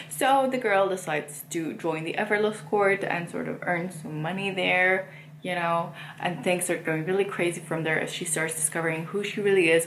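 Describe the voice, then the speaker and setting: A woman's voice: lowish voice, echoey room, a little hiss or hum. A woman chatting casually about books she read and plans to read, rambling with frequent fillers. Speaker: book vlogger. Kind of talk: casual book chat.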